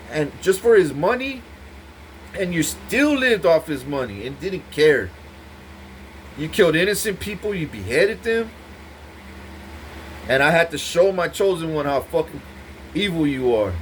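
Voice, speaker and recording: A man's voice: on the high side, big pitch swings, unhurried, long pauses, slight background noise. A man giving an intense, profane, rambling monologue to the camera, repeating himself as he goes. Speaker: vlogger speaking to camera.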